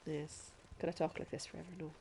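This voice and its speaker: A chatty woman streamer with a lowish voice, talking over her gameplay in a put-on Irish lilt. She laughs easily and speaks straight to her chat between moves. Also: level tone, quick pace, gravelly, dark tone, a little hiss or hum. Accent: put-on Irish accent. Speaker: game streamer. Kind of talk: live gameplay commentary.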